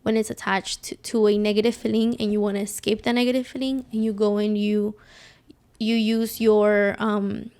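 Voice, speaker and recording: Chatty woman with a gravelly edge. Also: mid-range voice, normal speed. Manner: animated storyteller acting out quoted voices. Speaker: podcast co-host. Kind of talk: casual chat.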